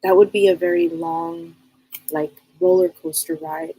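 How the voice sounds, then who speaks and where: A woman's voice: fairly low pitch, steady tone, unhurried, dark tone, a little hiss or hum, low-quality recording. A woman hosting a live broadcast as a psychic medium, talking earnestly in a casual, rambling way and often repeating and restarting her words.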